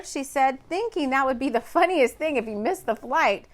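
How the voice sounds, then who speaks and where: A woman narrating a romance audiobook in an expressive, lively reading. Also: high-pitched, moderate pace.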